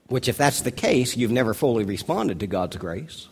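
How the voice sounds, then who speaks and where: A man preaching a sermon as a pastor, telling a story with lively emphasis. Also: normal speed, hardly any pauses, slightly rough. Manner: storytelling preacher, rises in pitch and volume for dialogue.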